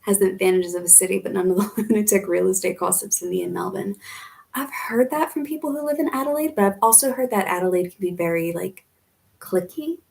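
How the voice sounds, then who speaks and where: A woman's voice: medium pitch, a little fast, creaky, a little mellow. A young American woman from the Philadelphia area living in Australia, chatting casually while she answers viewer questions in a live stream. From United States, Philadelphia area. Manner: chatty, reads out viewer comments and answers them.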